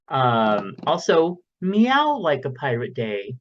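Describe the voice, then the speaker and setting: A man's voice: mid-range voice, big pitch swings, normal speed, hardly any pauses, lo-fi sound. A man co-hosting a podcast in casual, rambling chat, joking and trailing off with fillers, recorded at home. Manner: rambling, jokey, lots of fillers. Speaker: podcast co-host. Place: home recording room, window open.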